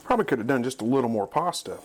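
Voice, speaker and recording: Laid-back male cooking host, mid-pitched, chatty and folksy, some light background hiss. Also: lively intonation, very fast. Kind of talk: casual cooking demonstration.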